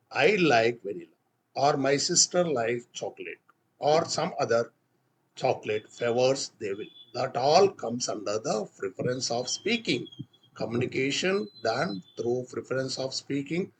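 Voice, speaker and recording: A man teaching a spoken lesson, explaining haltingly with restarts and fillers. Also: medium pitch, husky. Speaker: English teacher.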